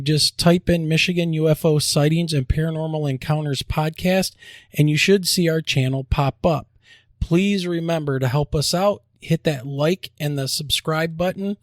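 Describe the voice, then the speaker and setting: A man hosting a podcast, joking around and spelling out web addresses slowly. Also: a little high, dry recording, clean studio sound. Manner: upbeat, jokey promo delivery, spells out web addresses slowly. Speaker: podcast host. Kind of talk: casual podcast chat and announcements.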